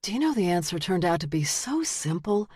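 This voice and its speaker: A woman reading the lines of a calm, menacing male detective who turns out to be a killer, in a quiet, flat voice. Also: fairly low pitch, a little fast, husky, no echo, studio quality. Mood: cold menace.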